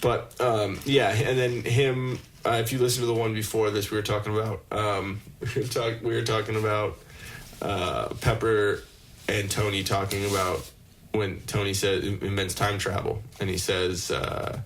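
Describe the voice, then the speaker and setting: Guy cohosting a podcast, kinda low voice, swears a ton, gets all worked up, slight background hiss. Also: moderate pace. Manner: excitable, swears a lot, acts out movie lines. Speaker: podcast co-host. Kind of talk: casual chat.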